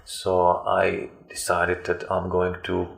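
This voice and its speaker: Deep, flat-voiced man telling his story. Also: gravelly, echoey room. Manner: halting, with frequent fillers and restarts. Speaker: interview guest. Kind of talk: personal storytelling.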